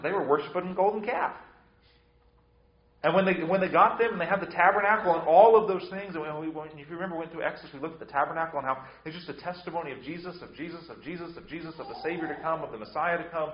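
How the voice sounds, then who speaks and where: A man preaching a sermon as pastor. He swings between loud and soft and often repeats words as he restarts a phrase. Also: a little high, quick pace. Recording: roomy, slightly dull sound.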